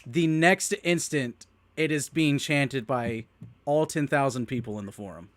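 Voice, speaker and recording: A man chatting on a sports watch-party stream, telling stories with a lively, laughing delivery. His voice sits at a middle pitch and sounds close and dry, with no room echo. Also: unhurried. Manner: animated storytelling, laughs often, trails off and restarts. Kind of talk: casual sports chat.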